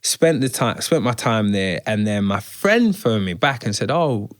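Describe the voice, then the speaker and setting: A man recounting his life story as a guest, in an animated, slangy storytelling way. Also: on the low side, a little slow, no room sound, clean studio sound. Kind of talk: conversational testimony.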